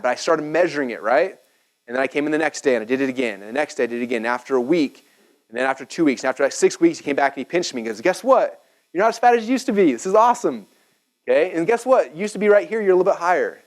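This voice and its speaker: Fast-talking, energetic man teaching a seminar. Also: a little high, poor audio. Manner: energetic, chatty, frequent "okay?" and "right?" check-ins. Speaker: speaker teaching business marketing. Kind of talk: live seminar teaching with a whiteboard.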